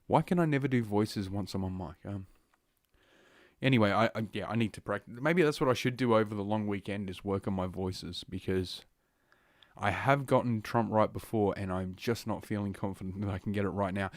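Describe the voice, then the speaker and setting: A man's voice: on the low side, brisk, dry recording. Man, podcast host, rambling, crude, profane, slightly breathless, dry close mic. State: a little out of breath. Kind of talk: casual solo podcast rant. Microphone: podcast microphone.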